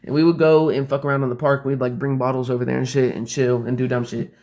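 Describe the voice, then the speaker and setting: Man spinning a loose, profane anecdote; mid-pitched, casual, recorded in a roomy space. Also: little pitch movement, quick pace, darkish tone. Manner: rambling, fills speech with "like" and swearing. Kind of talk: casual storytelling. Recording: roomy echo.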